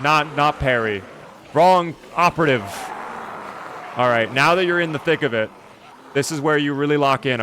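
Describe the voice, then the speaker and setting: A man streaming a game live, commenting in an animated, jokey way and talking to his chat. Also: mid-range voice, slight background noise.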